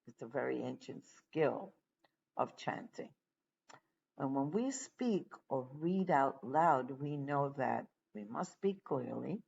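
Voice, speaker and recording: A teacher giving a slow, deliberate spoken lesson, pausing often between phrases. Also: mid-range voice, gravelly, husky, highs cut off.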